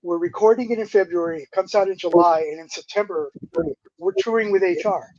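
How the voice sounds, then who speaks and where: A man around sixty, a guest musician telling stories in a casual interview, animated and laid-back, with lots of "dude" and "you know". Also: high voice, a little fast. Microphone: remote streaming call. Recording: dull, slightly lo-fi dry audio.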